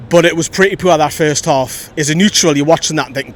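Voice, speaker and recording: Fan-channel host, slightly high voice, opinionated chat outdoors with faint traffic behind. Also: male voice, fast talker. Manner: chatty, opinionated, lively storytelling. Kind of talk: outdoor post-match fan reaction. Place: outdoors by a road after a match. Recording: faint traffic rumble outside.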